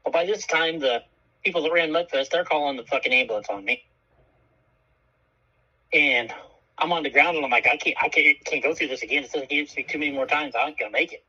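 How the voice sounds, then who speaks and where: A man's voice: fairly high pitch, a little fast, pauses often, breathy edge, muffled recording. A man co-hosting a radio show, telling a story in a casual, profane way and acting out the voices of the people in it. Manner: animated, profane, acts out quoted voices.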